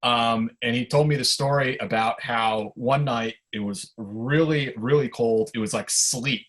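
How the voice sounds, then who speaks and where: Male podcast guest, mid-pitched, loose conversational storyteller. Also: unhurried. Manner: relaxed anecdotal telling with fillers. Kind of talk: casual storytelling.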